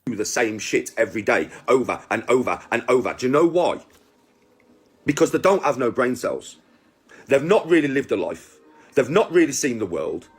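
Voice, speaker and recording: A content creator in his forties tells his viewers a story to camera, boastful, swearing a lot, and chatting casually while repeatedly checking in with them. His medium-pitched voice swings widely in pitch at a normal speed, with faint music behind.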